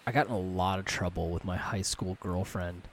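A man's voice: deep voice, fairly even intonation, a little fast, slight background noise. A young man co-hosting a podcast, casually telling stories and swearing freely between friends. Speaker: podcast co-host. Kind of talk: casual chat.

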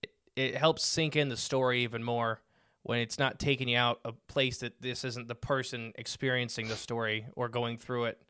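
A man's voice: medium pitch, level tone, normal speed, pushed and bright, clean tone, no room sound, studio quality. A man hosting a podcast, chatting casually and enthusiastically with his guest. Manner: enthusiastic, upbeat. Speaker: podcast host. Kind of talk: casual interview chat.

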